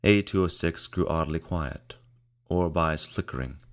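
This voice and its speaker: A male audiobook narrator with a very deep, low voice delivers scripted narration. He reads in a measured, steady manner, drawing out key phrases as the story unfolds.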